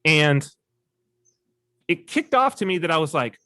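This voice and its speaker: A man talking as a podcast guest in casual conversation, an animated storyteller who acts out quoted voices. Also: a little high, measured pace, no echo.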